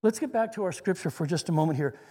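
A man preaching a sermon in an earnest way, slowing down to stress each point. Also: sits high, animated, dark tone, breathy edge, big-room sound. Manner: earnest, slows down to stress scripture.

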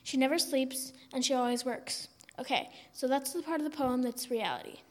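A woman's voice: sits high, normal speed, big-room sound. A woman giving a sermon with wry, humorous teaching.

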